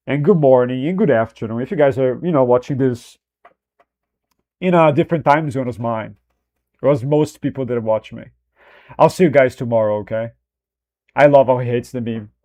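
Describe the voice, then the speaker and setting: A man's voice: mid-range voice, darkish tone, lo-fi sound. A Brazilian man with a Brazilian Portuguese accent, a streamer in casual live-stream chat with his viewers, playful and teasing, laughing often and swearing casually.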